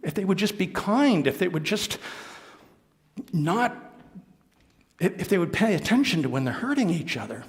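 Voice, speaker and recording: A male minister tells a story from the pulpit in a playful, animated way. His voice leaps and dips, sits a touch high, and carries with the long reverb of a worship hall. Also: moderate pace, pauses often. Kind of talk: storytelling sermon.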